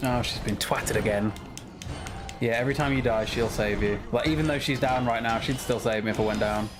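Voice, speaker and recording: With music underneath, a mid-range male voice speaks a little fast in a casual gaming stream. He chats with viewers, curses often, and complains in frustration about the controls.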